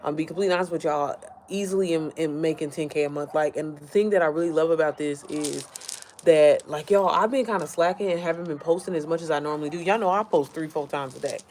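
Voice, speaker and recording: A woman's voice: low-pitched, fast talker, darkish tone, a little hiss or hum. Woman talking to her followers from home, rambly and chatty, gets sidetracked a lot. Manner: rambling, chatty, keeps addressing viewers directly; easily sidetracked, restarts often. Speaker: online business creator. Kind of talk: casual chat to followers.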